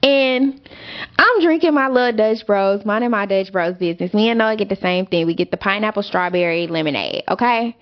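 A woman's voice: mid-range voice, fairly quick, lo-fi sound. A young woman hosting a podcast, telling a story casually with lots of fillers and swearing. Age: young adult. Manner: animated, swearing, rambling with fillers. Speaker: podcast host.

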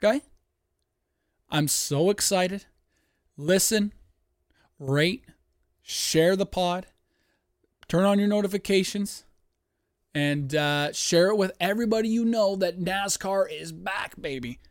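A man hosting a sports-betting podcast from home, hyped and profane, breaking into yelling on a close mic. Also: sits high, slow pace, pauses often, no echo. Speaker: podcast host. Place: home studio, dogs nearby.

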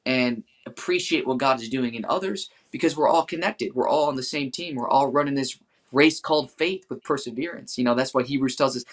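A man's voice: medium pitch, brisk. A man on a faith podcast, talking in an affirming way and quoting scripture. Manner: affirming, warm-hearted, quotes scripture. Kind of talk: casual faith podcast talk.

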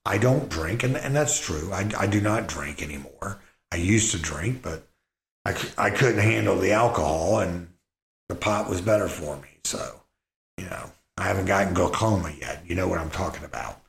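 A middle-aged man casually telling a personal story in a rambling, halting way, full of restarts and fillers. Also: low-pitched, animated, slight background noise. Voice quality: gravelly. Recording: roomy echo.

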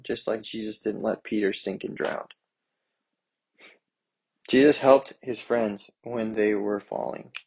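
A man's voice: medium pitch, darkish tone, husky, rough recording. A man preaching a sermon, reading scripture aloud and then explaining it in an earnest, plain way. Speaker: pastor.

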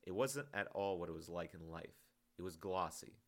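A man reading his own novel aloud in a calm, measured audiobook narration. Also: low voice.

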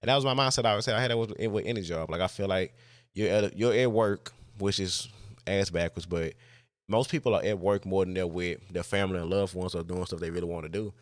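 A man's voice: sits low, fast, no room sound, clean studio sound. A man hosting a podcast, telling a personal story in a casual, rambling way with lots of "like" and restarts. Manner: rambling, heavy use of "like", frequent restarts. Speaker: podcast host.

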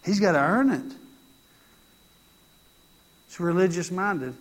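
A man's voice: high voice, moderate pace. A man preaching a sermon in a conversational style, driving his points home with emphatic repetition. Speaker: pastor.

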